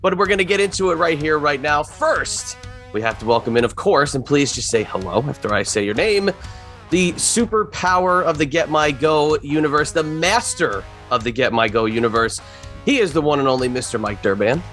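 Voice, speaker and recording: A man's voice: a little high, animated, moderate pace, a bit bright, soft background music. A man hosting a comedy podcast, introducing his co-hosts in a hyped, announcer-like way. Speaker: podcast host.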